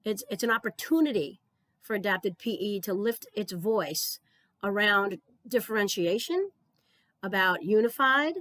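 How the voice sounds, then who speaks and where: A woman's voice: medium pitch, animated, measured pace, a bit bright, dry recording. Earnest woman giving a keynote, dry sound. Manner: earnest, storytelling, repeats words when starting. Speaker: keynote speaker. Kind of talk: conference keynote speech.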